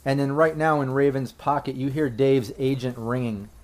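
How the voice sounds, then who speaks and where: A man running a tabletop role-playing game as game master, narrating casually and slipping into quick voices for the people in the scene. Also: medium pitch, fairly even intonation. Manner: casual, puts on quick gruff voices for townsfolk.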